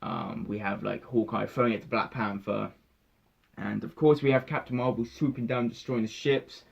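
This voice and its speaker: A young man recounting a film in excited casual talk, swearing freely and acting out his own reactions. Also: medium pitch, moderate pace, creaky, husky, muffled recording. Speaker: vlogger reviewing a film.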